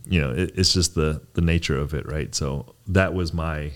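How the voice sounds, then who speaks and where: A young man with a very deep voice chats on a podcast. He muses in a loose, rambling way and checks in with his listener as he goes. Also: fairly even intonation, moderate pace. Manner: rambling, reflective, often adds "right?". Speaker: podcast co-host. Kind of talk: casual chat.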